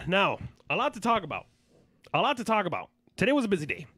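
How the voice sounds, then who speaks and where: Joking podcast host guy, kinda high voice, bouncy and dry, bit tired. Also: huge pitch swings, fairly quick, slightly rough, dry recording. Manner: joking, hyped, shouts out viewers. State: a little fatigued. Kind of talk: casual live podcast chat.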